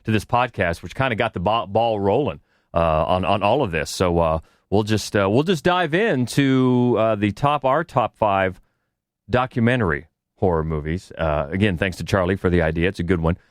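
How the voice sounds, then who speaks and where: A man co-hosting a casual podcast, talking in a halting way with many restarts. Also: on the low side, lively intonation, no echo, clean studio sound. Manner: halting, restarts a lot, breaks into loud movie quotes. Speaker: podcast co-host.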